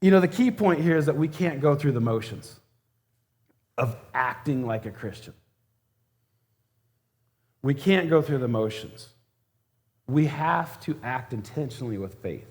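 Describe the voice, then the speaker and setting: Male church elder, mid-pitched, casual storytelling sermon with humor. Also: expressive, measured pace, pauses often, a little mellow. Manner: conversational and humorous, acts out scenes.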